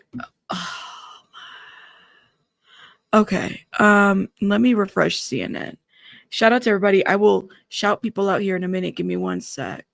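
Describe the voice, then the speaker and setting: Gravelly-voiced woman hosting a live news stream. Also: medium pitch, a little fast, dry recording. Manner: reads quotes aloud with startled asides. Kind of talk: live-stream commentary reading court updates.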